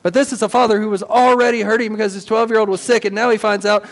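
A male pastor preaching a sermon as animated storytelling with casual slang. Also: sits high, fast talker, hardly any pauses, big-room sound.

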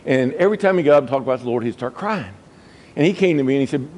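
Middle-aged Baptist pastor mid-sermon, slightly raised voice, drops low then climbs to fervent highs. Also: male voice, lively intonation, fast talker, a little mellow, poor audio. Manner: swings from low murmurs to high emphatic peaks.

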